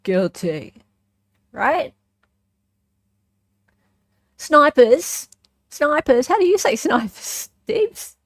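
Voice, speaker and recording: An Australian woman hosting a casual true-crime commentary in a fairly high voice. She sounds animated and sarcastic and keeps firing "right?" at her listeners. The sound is dry, with no room echo. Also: extremely slow, long pauses.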